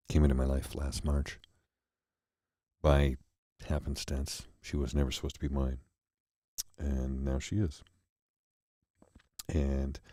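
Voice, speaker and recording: A man hosting a soft-spoken ASMR chat, reflective and halting, with pauses and restarts, close to the mic in a quiet room. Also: very deep voice, breathy edge, no room sound. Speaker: host.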